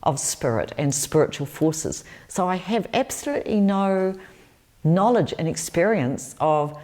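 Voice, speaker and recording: A woman's voice: fairly low pitch, animated, unhurried, a little mellow. A New Zealand woman, in her sixties, answering interview questions as a spiritual teacher, telling stories earnestly and repeating phrases.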